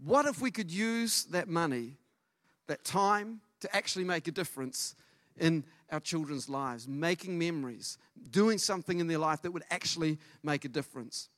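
A middle-aged man preaching a sermon as pastor, lively and storytelling, acting out dialogue. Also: on the high side, normal speed, dry recording, clean studio sound. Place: church service.

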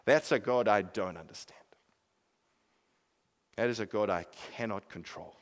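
A man preaching a sermon in an earnest way, swinging from emphatic peaks to quiet, soft passages. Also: lowish voice, a little slow.

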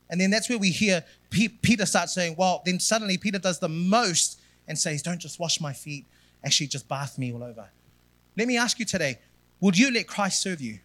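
A man's voice: sits high, fairly bright tone, dry recording. A man preaching a sermon as pastor, building emphatic repeated phrases.

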